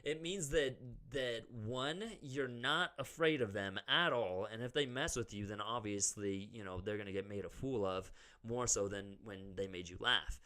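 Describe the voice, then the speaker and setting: A young man co-hosting a podcast, telling a story in a casual, animated way, full of "like" and loud acted-out quotes. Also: lowish voice, moderate pace. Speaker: podcast co-host.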